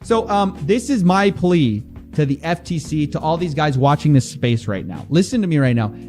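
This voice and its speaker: A man's voice: on the high side, moderate pace, faint music behind. A man talking straight to camera as an investigative internet commentator, exasperated and a bit mocking. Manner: animated, exasperated, mocking quoted voices. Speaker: investigative YouTuber.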